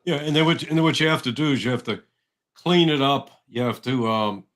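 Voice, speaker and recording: A male radio co-host in a studio, friendly and meandering, with frequent ums and restarts. His voice sits at a middling pitch. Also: a little fast, fairly bright tone. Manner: friendly, rambling with many fillers. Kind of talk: casual radio sports chat. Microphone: studio microphone.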